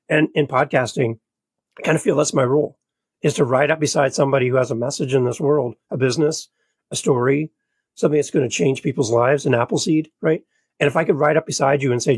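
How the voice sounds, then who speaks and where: A middle-aged man, a podcast guest, telling a personal story in an animated, earnest, motivational way. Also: mid-range voice, quick pace, breathy edge, no room sound. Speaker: podcast guest and show host. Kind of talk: conversational storytelling.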